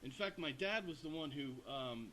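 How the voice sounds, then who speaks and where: A man giving a Hall of Fame acceptance speech at a ceremony, halting, with many fillers and pauses. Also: a little high, animated, fairly bright tone, slight background noise.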